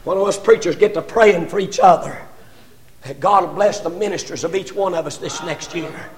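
An older man preaching a sermon, impassioned and often rising to shouts, with stammered repetitions as he builds. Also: high voice, normal speed.

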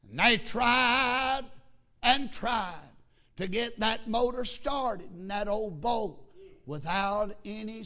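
High, bright preacher. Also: male voice. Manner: storytelling that builds into loud emphatic preaching. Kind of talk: sermon. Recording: lo-fi sermon recording.

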